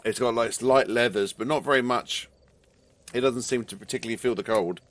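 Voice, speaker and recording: A man, tired and hoarse, narrating a tabletop game as game master with casual swearing. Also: mid-range voice, fairly quick. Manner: swearing, laughing, lively with put-on character shouts.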